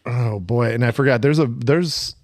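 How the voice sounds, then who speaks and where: A man co-hosting a podcast in casual chat, relaxed and trailing off, swearing now and then. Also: medium pitch, normal speed, dry recording, clean studio sound. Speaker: podcast co-host.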